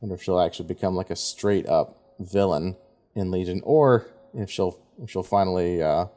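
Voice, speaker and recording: A man's voice: deep voice, moderate pace, dark tone. A man giving offhand, rambling commentary over his gameplay, with fillers and asides. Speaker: gameplay video host. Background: game music.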